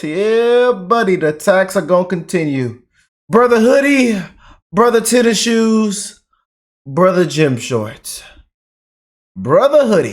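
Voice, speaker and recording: A man hosting a casual reaction commentary, talking in an animated, preachy way and repeating his phrases. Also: high-pitched. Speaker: commentary video host.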